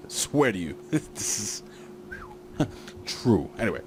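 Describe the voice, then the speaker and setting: Man, wrestling show reviewer, casual recap, rambling, filler-heavy, joking asides, lower pitch. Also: big pitch swings, slow, noisy background.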